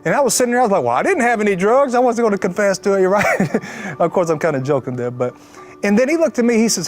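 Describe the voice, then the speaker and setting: A man preaching his testimony in an animated storytelling style, acting out quotes and joking with sarcasm. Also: high voice, fast, faint music behind.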